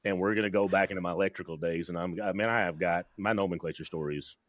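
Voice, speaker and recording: A Southern US man with a very low voice co-hosts a laid-back podcast chat. He rambles through his stories, stumbles over repeated words and acts out what others said. The sound is close and dry. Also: fairly even intonation, quick pace, fairly bright tone, dry recording. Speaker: podcast co-host. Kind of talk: casual podcast banter.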